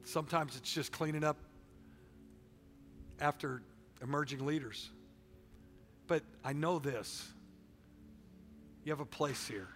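A middle-aged man preaching a sermon as pastor, swinging between loud exhortation and quiet storytelling. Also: a little high. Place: church sanctuary. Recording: long reverb of a large hall.

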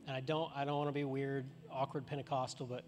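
A man's voice: medium pitch, flat delivery, fast, darkish tone, soft background music. A man preaching a sermon to a congregation in a church auditorium, casual and conversational, full of rhetorical questions. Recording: long reverb of a large hall.

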